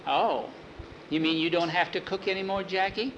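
Coy young woman, soft-spoken, voiced by a male storyteller with no change of voice; faint hiss behind. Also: sits high, moderate pace, highs cut off, voice pushed up. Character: coy young woman in her best dress.

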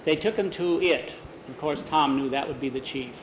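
A man telling an adventure story aloud in a relaxed, homespun way, sometimes correcting himself mid-sentence. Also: medium pitch, normal speed. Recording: roomy, dull lo-fi, faint hiss.

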